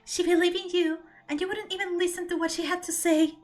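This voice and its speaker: High-pitched woman streamer reading game lines, all emotional and close to tears, bit of faint music under it. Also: steady tone, a little fast. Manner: emotional, dramatic reading with blunt asides.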